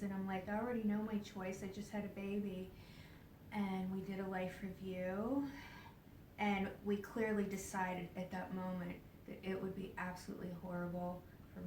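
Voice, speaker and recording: A woman tells a personal story to a live audience, acting out the voices of others and dropping to hushed whispers, often laughing as she talks. She is heard from far off in a roomy hall, with a faint rumble underneath. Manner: animated, acts out quoted voices, drops to hushed whispers; laughs often while talking. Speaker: speaker at a spiritual event. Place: event hall. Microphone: distant camera mic. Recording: roomy, distant live event recording.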